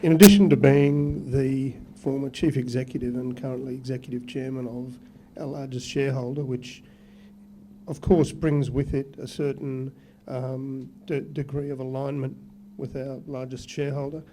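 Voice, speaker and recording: A man with an Australian accent, a company executive giving formal meeting remarks in an even, matter-of-fact way. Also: mid-range voice, normal speed, slight background noise.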